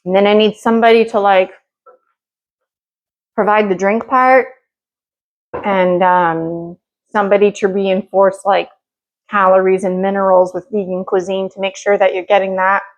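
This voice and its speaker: A woman's voice: medium pitch, little pitch movement, moderate pace, long pauses, dull audio. A middle-aged woman hosting her own home cooking vlog, talking in a rambling, chatty way with many fillers while she cooks. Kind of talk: casual cooking chat.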